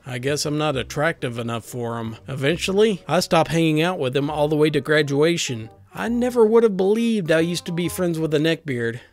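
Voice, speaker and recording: Man reading a story, slightly high voice. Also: lively intonation, a little fast, hardly any pauses, faint music behind. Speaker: story narrator. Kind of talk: reading aloud a submitted first-person story.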